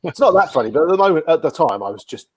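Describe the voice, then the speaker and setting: A man's voice: on the high side, very animated, racing, slight background noise. A man hosting a casual video call chat, telling a rambling anecdote with self-deprecating asides. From Guernsey. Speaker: podcast host.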